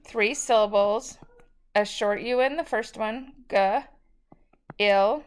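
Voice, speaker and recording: A woman's voice: a little high, fairly even intonation, a little slow, smooth. A woman teacher giving a recorded spelling lesson, patiently sounding out each word syllable by syllable.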